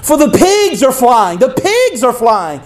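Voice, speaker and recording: A man putting on high teasing schoolboys. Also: big pitch swings, takes it slowly, a little mellow, exaggerated voice. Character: teasing young schoolboys mocking a friend.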